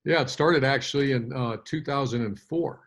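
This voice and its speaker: A middle-aged man, a football coach, telling a story in an interview, animated, with many restarts and fillers. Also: mid-range voice, normal speed.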